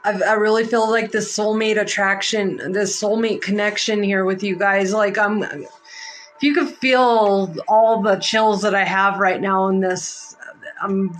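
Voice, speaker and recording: A woman leads a live tarot reading in a slow, unhurried voice, pausing often and filling the gaps with soft ums. She sounds moved and close to tears. Faint music plays softly behind her. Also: medium pitch, fairly even intonation, poor audio. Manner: slow, emotional, halting with many fillers. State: near tears. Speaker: psychic reader.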